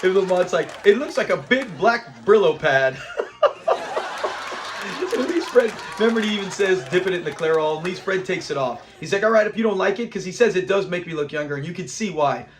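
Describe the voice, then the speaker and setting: A man hosts a casual review of a sitcom episode, animatedly retelling scenes, quoting characters, and laughing often. His voice is high-pitched and a little fast, with noise in the background.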